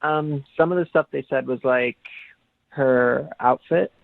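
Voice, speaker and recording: Young man on the phone, halting, a bit gravelly, tinny line. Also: mid-range voice, dry recording. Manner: hesitant, halting. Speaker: caller on the phone.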